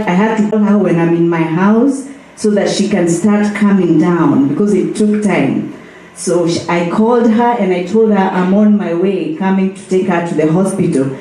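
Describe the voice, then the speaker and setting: A woman recounting memories in a halting, storytelling manner, heard from far off in an echoey church hall. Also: mid-range voice, mellow. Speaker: memorial speaker. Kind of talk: personal remembrance.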